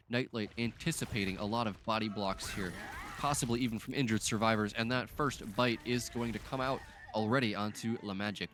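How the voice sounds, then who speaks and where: A man calling live esports play-by-play, fluent and building excitement on big plays. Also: lowish voice.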